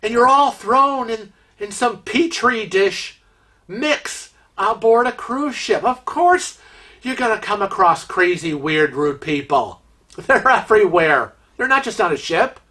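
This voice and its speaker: Bright-voiced man ranting exasperatedly. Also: high voice, animated, a little slow. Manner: frequent fillers and restarts. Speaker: cruise vlog host. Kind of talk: storytelling monologue.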